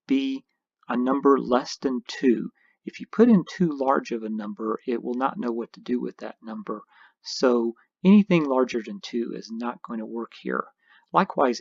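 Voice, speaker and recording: A man's voice: mid-range voice, breathy edge, dry recording, muffled recording. A man narrating a screencast tutorial, explaining each step patiently as an instructor.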